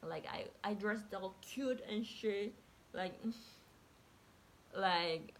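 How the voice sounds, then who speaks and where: A woman's voice: mid-range voice, takes it slowly, long pauses, slight background noise. A young woman telling a story casually, chatty and profane, with "like" in every sentence and quotes acted out. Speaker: vlogger.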